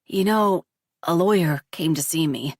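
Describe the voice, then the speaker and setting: A woman's voice: lowish voice, a little slow, husky, dry recording, clean studio sound, distant mic. A woman reading the lines of an earnest teenage boy in a storybook, speaking plainly in her own voice. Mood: subdued. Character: teenage boy, son, shaken but hopeful.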